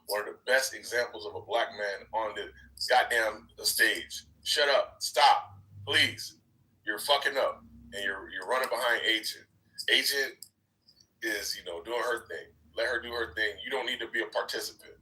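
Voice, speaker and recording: A man in a heated live debate in an online voice chat room, scolding and repeating himself, going from low muttering to loud outbursts. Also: normal speed, far from the mic, poor audio.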